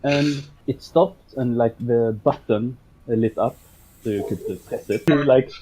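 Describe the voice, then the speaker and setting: A man's voice: mid-range voice, unhurried, mellow, slightly rough, rough recording. A man in a casual podcast chat, telling a story and laughing as he goes. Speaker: podcast guest.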